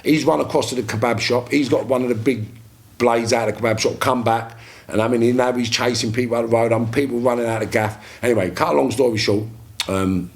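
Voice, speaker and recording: Man telling rough stories. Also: mid-range voice, steady tone, a little fast. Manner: rambling, coarse street slang, many restarts. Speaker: podcast guest. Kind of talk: casual storytelling.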